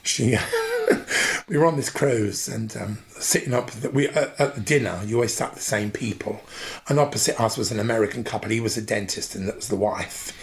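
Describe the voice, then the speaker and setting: A man, a drag performer, telling animated, camp stories as a guest on a podcast. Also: normal speed. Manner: animated, camp, mimics his mother in a high voice. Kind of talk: casual interview storytelling.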